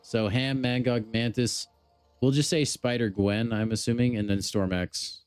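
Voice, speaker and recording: A man's voice: mid-range voice, steady tone, measured pace, smooth, dry recording, faint music behind. A man chatting casually on a gaming live stream, joking and talking straight to his chat. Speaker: game streamer.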